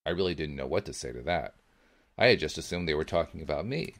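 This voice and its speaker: A man reading a book aloud as a podcast host, narrating in the first person in a measured, steady way. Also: rumbling low. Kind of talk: audiobook-style reading.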